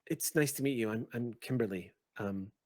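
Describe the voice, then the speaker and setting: A man's voice: mid-range voice, moderate pace, no room sound, lightly acted. A man voicing a flustered, apologetic young woman student who stammers and repeats words. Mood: nervous.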